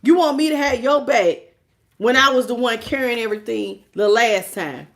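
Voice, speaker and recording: A woman's voice: fairly high pitch, moderate pace. A woman doing a tarot reading to camera, sassy and emphatic, often laughing as she talks. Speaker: tarot reader.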